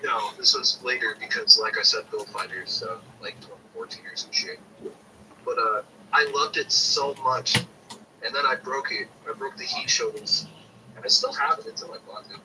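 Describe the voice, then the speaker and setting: A man's voice: mid-range voice, normal speed. A man chatting casually about model kits and rambling through a funny story. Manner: rambling storyteller, lively and jokey. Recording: noisy room, mic a little far off.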